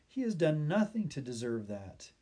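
A man voicing a distressed young boy who pleads and cries out in high tones. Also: lively intonation, normal speed, dark tone, breathy edge. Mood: upset.

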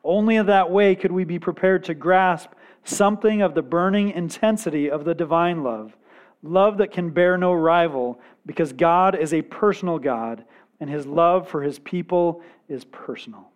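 A man preaching a sermon in an earnest, measured way, with dramatic pauses and quiet emphasis. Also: a little high, lo-fi sound. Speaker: pastor.

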